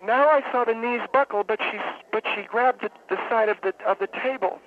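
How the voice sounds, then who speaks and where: A man playing a rambling, deadpan woman football fan phoning in to a comic radio bit. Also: extremely high pitch, pitched above the performer's own voice. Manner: rambling, deadpan, halting with fillers. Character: woman caller, brawling football fan, middle-aged. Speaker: caller. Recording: tinny phone line, faint hiss.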